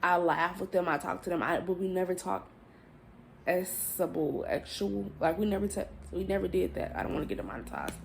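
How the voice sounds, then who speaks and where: Young woman w/ an AAVE rambling thru a storytime, bit of fry in her voice, faint hiss behind. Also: lowish voice, animated, brisk. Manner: candid, rambling, swears freely, addresses viewers as y'all. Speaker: vlogger telling a story. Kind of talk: casual storytime chat to camera.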